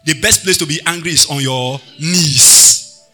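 Male preacher, high bright voice, loud bursts and quiet asides, some pidgin, faint music underneath. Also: a little slow. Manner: mixes in pidgin phrases. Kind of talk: sermon.

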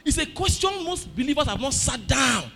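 A man with a Nigerian accent preaching a sermon, telling stories and breaking into shouted emphasis. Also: extremely high pitch, sing-song, moderate pace, creaky, faint music behind. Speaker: pastor.

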